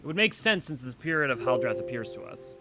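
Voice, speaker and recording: A man's voice: mid-range voice, sing-song, fast talker, loud music behind the voice. A man giving rambling, casual commentary while streaming a game, thinking aloud with many fillers. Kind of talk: casual let's-play commentary.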